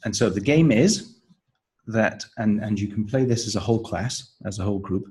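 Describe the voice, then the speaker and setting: A man working as a teacher trainer, giving a measured, explanatory walkthrough of classroom pronunciation activities. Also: on the low side, a little mellow, husky, low-quality recording. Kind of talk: instructional explanation.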